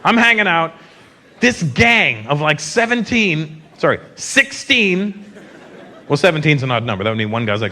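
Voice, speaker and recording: A North American man telling stories in a stand-up routine, chatty and animated, with asides to the audience. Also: on the high side, a little slow, pauses often. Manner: conversational, animated storytelling with asides. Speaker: stand-up comedian. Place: theater stage before a live audience. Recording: live recording with loud crowd and room noise.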